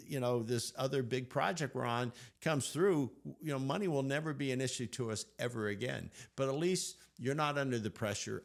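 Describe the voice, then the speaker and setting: A middle-aged man co-hosting a faith podcast, telling stories in an animated, excited way. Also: medium pitch. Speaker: podcast co-host. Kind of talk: casual storytelling chat.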